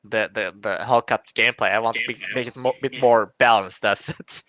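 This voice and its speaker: Bright, clear-voiced man thinking aloud. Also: mid-range voice, steady tone, no echo. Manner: halting, restarts often, thinks aloud. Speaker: game developer. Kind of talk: casual podcast chat.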